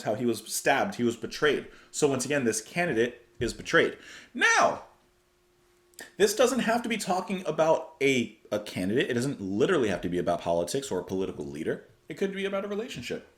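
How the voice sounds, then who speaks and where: A man's voice: medium pitch, big pitch swings, a little fast, a bit bright, echoey room. A man hosting a casual music reaction video, thinking aloud about lyrics in a rambling way and often correcting himself. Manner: thoughtful, rambling, self-correcting. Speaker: music reaction channel host.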